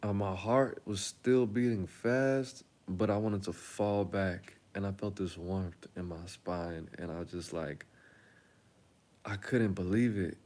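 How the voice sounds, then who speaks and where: A young man telling his own story in a casual, animated, slangy way, with dramatic turns. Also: sits low, slow pace. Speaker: storytelling video host.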